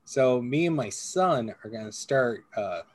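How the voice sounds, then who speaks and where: A man's voice: mid-range voice, unhurried, no echo. A man in his thirties chatting casually as a podcast co-host, telling crude stories and acting out the voices of the people in them. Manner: crude, animated storyteller who acts out quoted voices. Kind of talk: casual chat.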